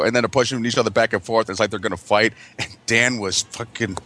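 A man with a bright, forceful voice tells rowdy party stories to his friends. He swears constantly and laughs through his own tales. His energy keeps climbing as each story gets wilder. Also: fairly low pitch, moderate pace. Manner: profane, laughing, excitable storytelling. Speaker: podcast regular. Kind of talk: casual storytelling among friends.

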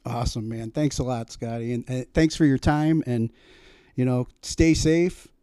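Chill radio host guy, warm smooth voice, lots of uhs, dry sound. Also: mid-range voice, fairly even intonation, dry recording. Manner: easygoing, halting with fillers. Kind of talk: casual interview chat.

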